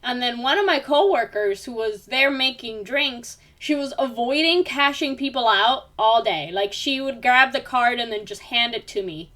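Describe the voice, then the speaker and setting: A young woman talking to her camera in a loose, rambling vlog, leaning on fillers as she vents. Her voice sits a touch high, and she gets heated and emphatic when she rants. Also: animated, moderate pace, hardly any pauses, sharp tone. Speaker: vlogger. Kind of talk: casual venting monologue.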